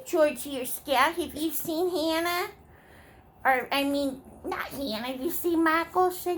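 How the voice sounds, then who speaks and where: A woman vlogger chatting playfully to her pets and toys, calling each by name in simple, gentle sentences. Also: sits high, a little slow, a little hiss or hum.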